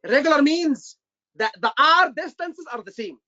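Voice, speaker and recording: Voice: high voice, lively intonation, normal speed, sharp tone, highs cut off. An instructor teaching a live class, repeating key points and quizzing the students with short questions. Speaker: medical exam instructor.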